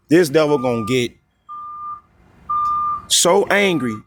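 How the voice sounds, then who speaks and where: A man preaching on scripture in a coarse, heated way, reading verses slowly and drawn out and checking in with the listener again and again. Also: medium pitch, lively intonation, background noise. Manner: constantly repeats "you see?" and "you know what I mean?". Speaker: street-style preacher.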